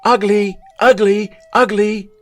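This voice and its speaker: A man voicing a group of small, mean ducklings who jeer and yell in a storybook reading. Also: sits high, flat delivery, slow, faint music behind, pitched above the performer's own voice. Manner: mocking, yelling.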